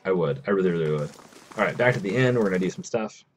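Low-voiced man streaming a game. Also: animated, fast, slight background noise. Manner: chatty, reads game text aloud. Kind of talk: casual live game commentary.

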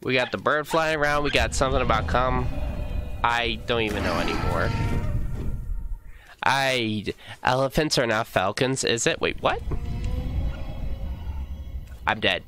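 A man's voice: medium pitch, normal speed, music in the background. A young man streaming a video game live, joking, exclaiming and talking to his chat. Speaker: gaming streamer.

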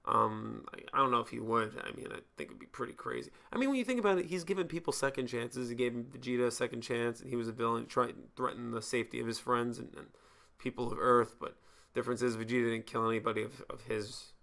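Man for a casual anime review, gravelly and bright, profane and joking. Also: medium pitch, fast talker.

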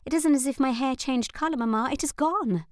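A woman's voice: medium pitch, brisk, a little mellow, no echo, studio quality, close to an everyday voice. A woman voicing a worried, self-doubting young noblewoman in an audiobook, speaking earnestly. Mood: anxious.

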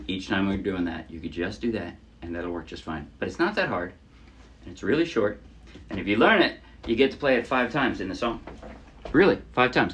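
A man teaching a ukulele song in a casual, chatty way, often trailing off softly and poking fun at himself. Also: medium pitch, breathy edge. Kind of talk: casual tutorial explanation. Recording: loud ukulele playing under the voice. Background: ukulele strumming.

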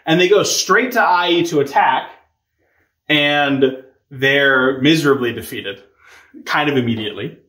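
Animated man teaching in an echoey room. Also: fairly high pitch, slow pace, pauses often. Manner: conversational, animated, playful asides and acted-out quotes. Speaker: catechism teacher. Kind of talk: casual catechesis lecture.

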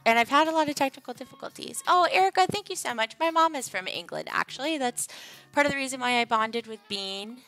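A woman's voice: high voice, lively intonation, fast, pushed and bright, soft background music. A young adult woman hosting a casual game livestream, chatting playfully and joking with her viewers. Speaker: livestream host.

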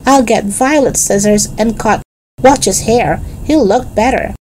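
A woman's voice: a little mellow, a little hiss or hum, lightly acted. A woman voicing a small cheerful, chatty boy in a children's storybook reading. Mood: eager, playful. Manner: high, slow childlike delivery.

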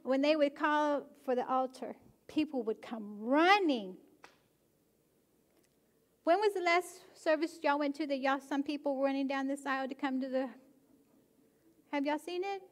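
A woman pastor preaching a sermon, animated and emphatic, often pushing her questions to the congregation. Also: high-pitched, a little slow, pauses often. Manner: animated, rising to emphatic exhortation. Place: church sanctuary.

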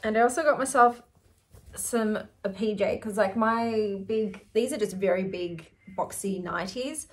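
A woman's voice: medium pitch, measured pace. A woman in her forties with an Australian accent, chatting to camera in an effusive, giggly way. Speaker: vlogger. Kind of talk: casual chat to camera.

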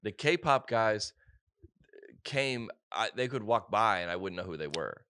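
A man's voice: fairly low pitch, animated, measured pace, sharp tone, slight background noise. Rambling joking male podcast host. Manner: rambling, joking, self-correcting. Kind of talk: casual comedic chat.

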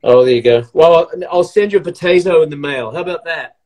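A middle-aged man talks casually as he bakes, his voice sitting a little high for a man. He jokes, rambles and pokes fun at himself. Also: fast talker, a little mellow. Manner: jokey, rambling, self-mocking. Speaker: actor baking along. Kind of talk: casual chat.

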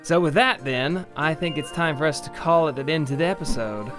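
A young man hosting a casual gaming video, thinking out loud and joking at his own expense as he builds. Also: a little high, a little fast, faint music behind. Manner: chatty, self-mocking, thinking aloud. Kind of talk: casual let's-play commentary.

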